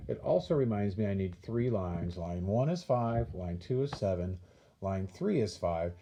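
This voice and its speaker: A man's voice: lowish voice, animated, a little slow, mellow, soft background music. A man teaching a classroom lesson, patiently repeating points and counting things out step by step.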